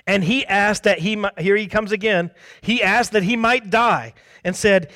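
A man preaching a sermon in a conversational way, often tagging his points with a quick question and acting out quoted speech. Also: sits high, sharp tone. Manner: conversational, tags lines with "right?".

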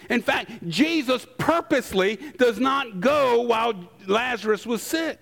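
A man preaching a sermon, emphatic, acting out quotes and pausing for effect. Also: sits high, creaky, fairly bright tone. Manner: emphatic, acts out quotes, dramatic pauses.

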